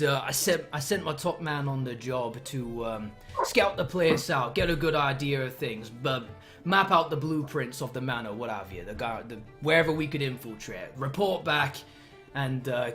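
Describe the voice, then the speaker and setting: Casual: dude doing a gruff bar owner voice, blunt and cussing, kinda bright. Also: male voice, mid-range voice, voice pushed down. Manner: brusque, swearing, businesslike. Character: gruff male tavern keeper and job broker.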